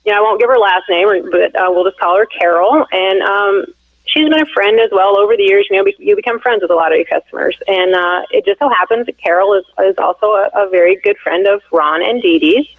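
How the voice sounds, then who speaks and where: A woman's voice: mid-range voice, a little fast, dry recording. A woman in her forties, the candidate's wife, phoning in to an interview and telling a long story full of fillers and restarts. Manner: rambling, many fillers and restarts. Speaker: phone guest, candidate's wife. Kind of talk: casual storytelling on a call-in interview. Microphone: telephone. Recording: tinny phone line, dry.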